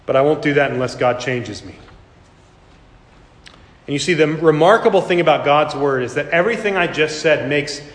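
A man's voice: fairly high pitch, normal speed, pauses often. A man preaching a sermon as pastor, impassioned and rising to emphatic peaks. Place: church sanctuary. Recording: echoey church hall.

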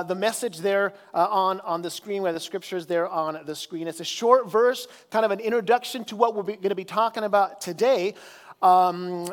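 A man with a very high voice preaches in an easygoing, conversational way, full of fillers and restarts. His voice rings out with a long reverb from the church hall. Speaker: pastor. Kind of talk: casual sermon.

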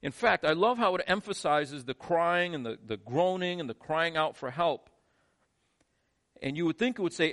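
A male pastor preaching a sermon, shifting between quiet, low lines and emphatic, rising ones. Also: animated, moderate pace.

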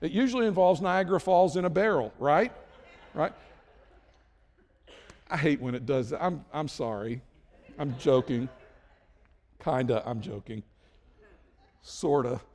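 A man's voice: on the high side, animated, unhurried, pauses often, darkish tone, in a large hall. A middle-aged man preaching a sermon as a pastor, conversational and self-deprecating with jokes.

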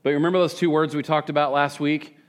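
A middle-aged male pastor giving a conversational sermon with joking, self-deprecating asides and animated quoted voices. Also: fairly high pitch, fast.

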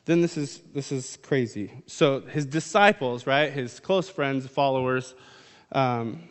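Man, preacher, slow unhurried sermon, chatty explanations of scripture, long hall echo. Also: mid-range voice. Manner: conversational, reads scripture aloud then explains it.

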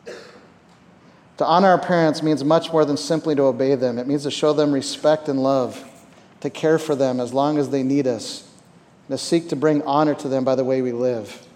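A man's voice: mid-range voice, fairly even intonation, normal speed, darkish tone. A man giving a conversational sermon on parenting at a camp, stumbling over repeated words and asking the room rhetorical questions. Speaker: camp speaker. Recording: reverberant hall.

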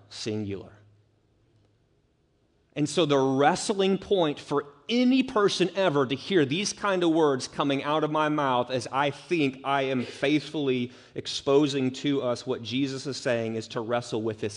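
A male pastor preaching an expository sermon, stressing key words by repeating them. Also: mid-range voice. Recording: long reverb of a large hall.

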